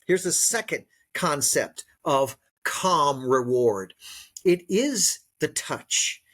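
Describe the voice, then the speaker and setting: A man's voice: fairly high pitch, sing-song, slow pace, a bit bright. A man, a dog trainer and author, speaking as a guest in a podcast interview, stressing and repeating key words like a coach. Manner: coaching, teacherly.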